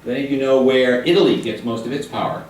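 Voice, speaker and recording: An older man giving a guest lecture to high school students, chatty and joking as he quizzes the room. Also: fast talker, darkish tone. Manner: chatty, jokey, quizzes the audience. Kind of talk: classroom lecture with questions to students. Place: high school hall or classroom. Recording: echoey room, mic at a distance.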